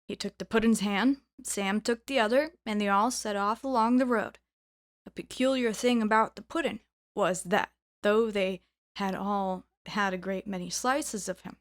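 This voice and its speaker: A woman reads a storybook aloud in a calm, steady voice. Her pitch sits in the middle for a woman, and her narration stays even between the characters' lines. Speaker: reader. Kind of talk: storybook reading.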